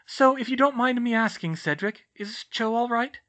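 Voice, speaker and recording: A man's voice: very high voice, lively intonation, normal speed, sharp tone, pitched above the performer's own voice, full character voice. A man voicing a nervous, earnest teenage girl in an audiobook reading.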